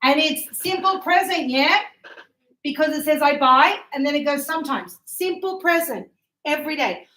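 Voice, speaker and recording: High-voiced woman teaching in an echoey classroom. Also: expressive, normal speed, sharp tone. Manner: patient, encouraging explaining with examples. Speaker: English teacher. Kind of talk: classroom grammar lesson.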